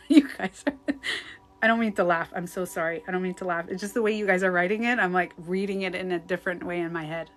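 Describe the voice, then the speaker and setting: Faint music runs behind a woman with a fairly low, steady voice who talks fast with hardly any pauses. Coaching on a live stream, she chats and responds to comments in a rambling, candid way, swearing and laughing freely and occasionally going hushed.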